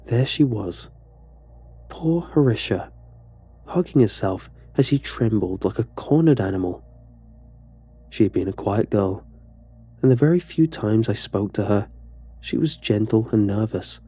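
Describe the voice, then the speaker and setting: A man narrating a scripted horror story in a measured, somber way. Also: fairly low pitch, lively intonation, dark tone, husky, soft background music.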